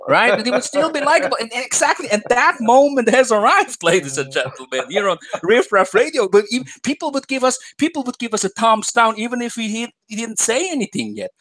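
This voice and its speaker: A man's voice: extremely high pitch, animated, a little fast, few pauses, a bit bright. Rambling boastful male podcast co-host. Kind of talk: casual chat, bragging banter.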